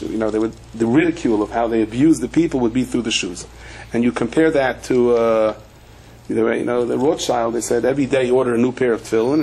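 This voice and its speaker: A man's voice: mid-range voice, a little mellow, slight background noise, rough recording. A man, a rabbi, giving a sermon-style Torah class, weaving humorous stories into the teaching and acting out the people he quotes. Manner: humorous storytelling, acts out quoted voices.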